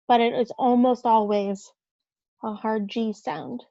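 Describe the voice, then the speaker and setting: A woman teaching the Spanish alphabet, saying each word slowly and repeating it for learners. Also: on the high side, fairly even intonation, warm tone, no room sound. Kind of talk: slow alphabet pronunciation lesson. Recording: dull lo-fi dry audio.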